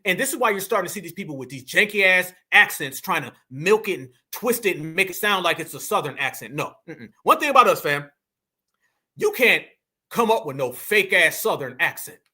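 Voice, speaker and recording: Animated, bright-voiced man ranting. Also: high voice, brisk. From New York. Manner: emphatic, preachy, animated, addresses audience as fam. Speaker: political commentary host. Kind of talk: fiery monologue to viewers.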